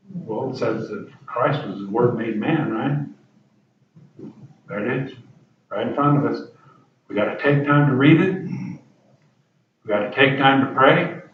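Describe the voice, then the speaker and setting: A middle-aged man delivers a sermon in a folksy, plain-spoken way, building to loud, emphatic peaks. He sounds far from the mic in a roomy church sanctuary. The recording is dull and muffled. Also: mid-range voice, a little hiss or hum. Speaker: preacher.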